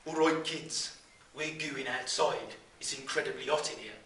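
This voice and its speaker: A man putting on a Birmingham accent to voice a kindly male schoolteacher, projecting his words loudly. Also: medium pitch, moderate pace, echoey room, recorded from a distance, lightly acted. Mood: announcing.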